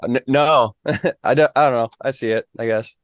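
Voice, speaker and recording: A man's voice: mid-range voice, fairly even intonation, normal speed, dry recording, clean studio sound. A young man from the Fargo area, a weather reporter and guest, talking in a modest, easygoing way full of "like". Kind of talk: casual interview.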